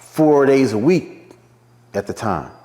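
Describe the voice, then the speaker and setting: A man's voice: medium pitch, takes it slowly, long reverb tail. A man from Philadelphia, a radio personality, telling stories in a casual interview and acting out the voices of the people he quotes. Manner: animated storyteller acting out quotes in a raised voice.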